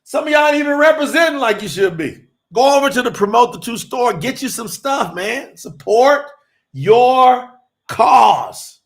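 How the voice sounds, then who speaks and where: Gravelly guy preaching on a livestream, slow drawl, shouts a lot, pretty high voice. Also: expressive. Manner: shouts and drawls, reads chat aloud.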